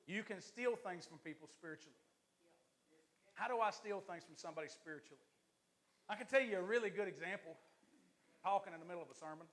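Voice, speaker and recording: A man, an assistant pastor, preaching a lively, joking sermon to his church congregation. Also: high-pitched, fast talker, long pauses.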